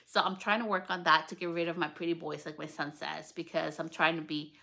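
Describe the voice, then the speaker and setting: Casual podcast lady in her 30s, swears a lot, bright punchy voice, pitch shoots up when she gets excited. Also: fairly quick, vocal fry. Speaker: podcast host. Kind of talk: casual solo podcast monologue. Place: lounge at home.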